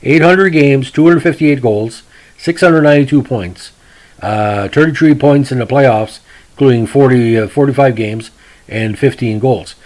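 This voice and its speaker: A man hosting a hockey history podcast alone, in an ordinary mid-pitched voice. He rambles in a folksy way, and his sentences fill up with fillers and restarts. He keeps turning to his audience with old-fashioned announcer phrases. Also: unhurried, rough recording. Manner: folksy, repeats "ladies and gentlemen", many fillers and restarts. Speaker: podcast host.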